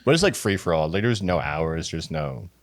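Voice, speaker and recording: A man's voice: deep voice, no echo. An American man, a tattoo shop owner, telling stories in casual podcast chat and acting out quotes. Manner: fast, animated storytelling, acting out quotes. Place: podcast studio.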